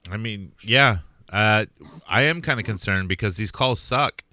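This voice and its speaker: A man hosting a comedy podcast, talking in an animated, profane way and laughing often. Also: on the low side, a little slow, no echo, studio quality. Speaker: podcast host. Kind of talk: casual comedy podcast chat.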